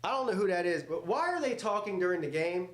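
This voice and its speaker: With a high-pitched, sing-song voice and fast delivery, a man hosts a live football reaction stream in a reverberant setting. He's loud and joking, swears freely and answers his chat throughout his casual commentary.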